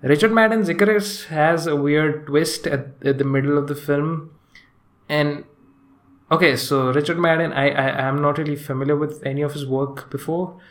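A man giving a casual spoken movie review, talking in a halting way with frequent restarts and fillers and chuckling often. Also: on the high side, fairly even intonation. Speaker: film reviewer.

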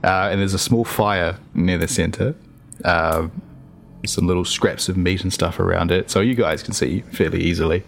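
A man's voice: low-pitched, fairly even intonation, normal speed, gravelly, a little hiss or hum. A man narrating as game master of a tabletop game, easygoing and laughing often.

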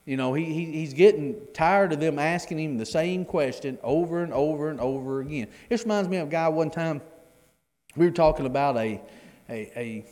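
A man's voice: mid-range voice, a little mellow, in a large hall. A middle-aged man teaching a Bible class in a conversational way, often repeating his words as he explains the reading. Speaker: preacher.

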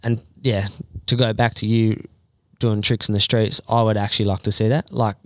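A man's voice: fairly low pitch, flat delivery, moderate pace, no room sound. A man in a laid-back podcast chat. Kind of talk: casual chat.

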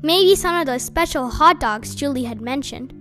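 Bright-voiced woman reading a storybook. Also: sits high, moderate pace, faint music behind. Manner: expressive first-person reading. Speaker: audiobook reader. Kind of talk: storybook narration.

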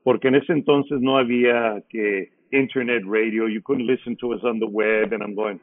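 A man's voice: mid-range voice, a little fast. A middle-aged man, a radio DJ telling stories as an interview guest and acting out the other people's lines. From San Antonio, Texas. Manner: lively storyteller, acts out others' lines. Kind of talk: casual storytelling. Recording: narrow phone-like sound.

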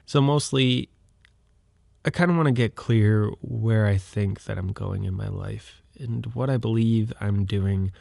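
A man's voice: on the low side, gravelly, mellow, dry recording, clean studio sound. A young man hosting his own podcast in a casual, rambling monologue, often hesitating, restarting and correcting himself, recorded on a microphone. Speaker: podcast host.

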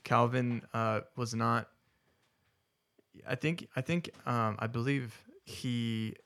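A man's voice: medium pitch, gravelly, fairly bright tone. A man co-hosting a casual discussion who rambles, corrects himself mid-sentence and laughs often.

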